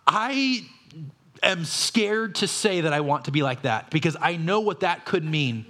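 A man's voice: on the high side, animated, unhurried, bright, forceful tone. A man, a pastor, preaching a conversational sermon full of rhetorical questions.

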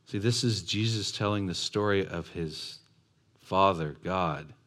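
A man's voice: low voice, a little slow, fairly bright tone. A man preaching a sermon who acts out the voices and asks his congregation questions. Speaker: pastor.

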